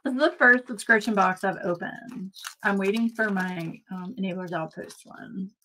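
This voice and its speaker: A woman hosting a casual live-stream craft unboxing from home, gushing and excitable as she chats to viewers. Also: mid-range voice, normal speed. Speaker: craft channel host.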